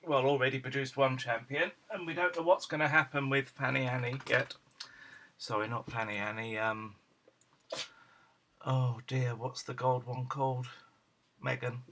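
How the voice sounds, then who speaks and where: A man at home showing off his dogs, switching into high cooing baby talk whenever he speaks to them. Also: steady tone, moderate pace, fairly bright tone, a little hiss or hum, rough recording. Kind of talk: casual home video chat.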